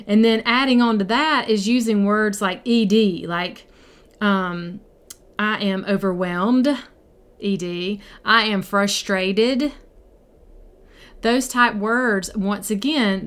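A woman's voice: mid-range voice, fairly bright tone, smooth. Middle-aged woman, mindset coach, casual and direct, encouraging group talk. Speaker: mindset coach and podcast host. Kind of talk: casual live teaching to a group.

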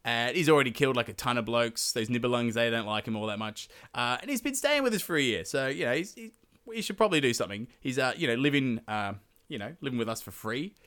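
Lively man retelling a legend. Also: mid-range voice, quick pace. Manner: swearing, rambling asides. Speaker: podcast host. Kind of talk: casual comedic retelling of a legend.

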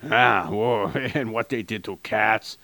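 A man's voice: lowish voice, slow pace, gravelly, sharp tone, no room sound. A man co-hosting a crude comedy podcast, rambling and joking, sometimes slipping into a mock advertiser voice. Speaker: podcast co-host.

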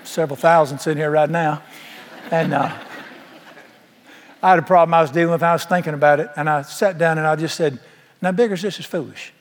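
A man's voice: fairly high pitch, steady tone, a little fast, pauses often, in a large hall, slight background noise. A man preaching a sermon in a large church, folksy and emphatic, firing rhetorical questions at the congregation. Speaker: pastor.

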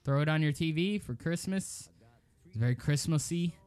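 A man's voice: a little high, moderate pace, a little mellow, clean tone. Easygoing enthusiastic podcast guy. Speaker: podcast co-host. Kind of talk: casual chat.

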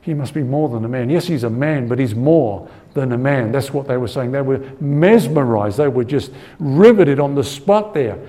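A man's voice: medium pitch, lively intonation, normal speed, hardly any pauses, mellow. A man teaching a conversational Bible-study sermon. He talks earnestly, asks his listeners for agreement and repeats words as he thinks. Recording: long hall reverb.

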